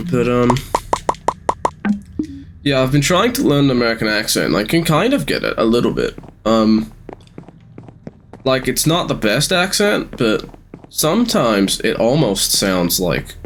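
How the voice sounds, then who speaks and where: An eighteen-year-old Australian man rambling through casual gameplay commentary with halting ums, sounding sleepy. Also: medium pitch, wildly swooping pitch, a little hiss or hum. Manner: rambling, halting, many ums, sometimes swears. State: sleepy, yawning. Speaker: gamer streamer.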